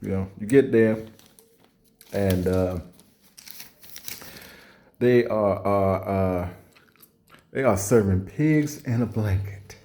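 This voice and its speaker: A man doing a rambling comedy monologue, acting out little scenes and slipping into hushed asides. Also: fairly low pitch, slow, long pauses.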